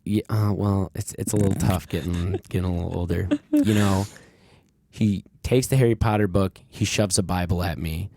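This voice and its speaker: A low-pitched man with a gravelly, fry-heavy voice hosts a casual podcast, rambling through a story with plenty of fillers and frank swearing. He sounds dry and close to the mic, with no room around him. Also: fairly even intonation, normal speed, mellow, no room sound. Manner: rambling, candid, swears freely, many fillers. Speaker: podcast host.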